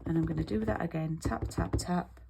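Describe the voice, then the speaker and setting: A woman's voice: fairly low pitch, fairly quick, gravelly, noisy background. A British woman demonstrating card making in an online class, chatty and step by step, checking in with "okay?" as she goes.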